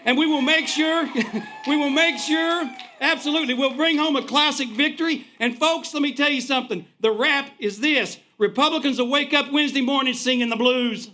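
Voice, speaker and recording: A man's voice: extremely high pitch, normal speed, sharp tone. A man with a Kentucky accent giving a folksy, punchy rally speech outdoors, repeating "folks" as he builds to introducing the next speaker. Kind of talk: rousing political rally speech.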